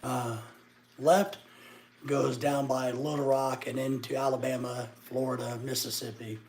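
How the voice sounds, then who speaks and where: A man's voice: medium pitch, flat delivery, a little slow, a little mellow, a little hiss or hum. A middle-aged man from Arkansas, chatting casually with viewers on a livestream and teasing them sarcastically. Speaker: livestreamer answering chat.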